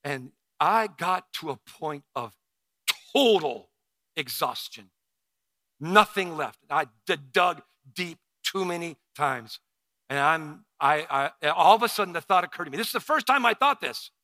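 Male preacher, crisp bright tone, restarts and repeats words, close dry mic. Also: on the high side, animated, measured pace, no echo. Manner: emotional storytelling with frequent restarts and repeated words. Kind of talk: sermon with personal story.

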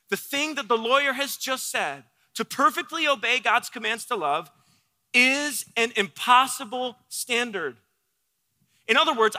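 A man's voice: extremely high pitch, pushed and bright, in a large hall. A man preaching a sermon, earnest and explanatory, who asks his listeners questions as he works through a passage. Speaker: pastor.

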